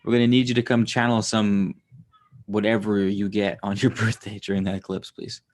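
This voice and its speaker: A man's voice: fairly low pitch, level tone, normal speed. Male streamer, casual and rambling, chuckles through his stories. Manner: rambling, chuckling, loose storytelling with fillers. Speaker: livestream host reading chat. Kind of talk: casual livestream chat.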